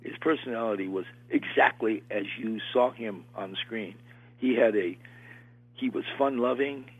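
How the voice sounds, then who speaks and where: An older man, an actor, telling an animated story in a casual interview, with lots of restarts and acted-out quotes. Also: medium pitch, moderate pace, breathy edge, no room sound. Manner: animated, repeats and restarts, acts out quoted voices. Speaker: actor guest recalling film work. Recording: tinny phone-line sound.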